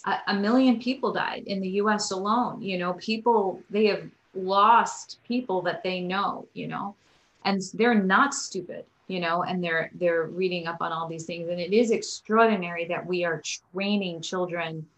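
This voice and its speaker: A woman's voice: fairly low pitch, fairly even intonation, normal speed, a bit bright, low-quality recording. A woman guest on a podcast interview, a yoga teacher telling stories and acting out quotes with animation.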